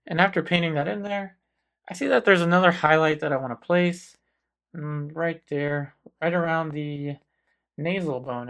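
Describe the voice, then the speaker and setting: A man calmly talking through a portrait painting tutorial, thinking aloud as he paints. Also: fairly high pitch, gravelly. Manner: calm, unhurried, thinking aloud while painting. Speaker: painting instructor. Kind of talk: relaxed painting tutorial narration.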